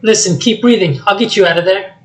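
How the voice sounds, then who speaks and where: A man voicing a loud, jittery talking male donkey while reading a script aloud, with high excitable chatter. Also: fairly quick, natural voice, rough recording. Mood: panicked. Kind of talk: solo script reading with voices.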